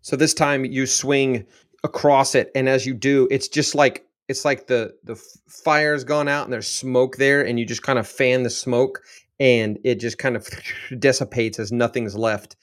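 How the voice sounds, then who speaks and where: A man's voice: mid-range voice, fairly even intonation, a little slow. A man running a tabletop game as game master, narrating the action in a loose, descriptive way.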